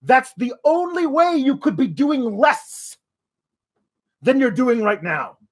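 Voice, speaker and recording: Exasperated, high-voiced man ranting. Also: big pitch swings, slow. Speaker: wrestling podcast host. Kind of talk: podcast rant.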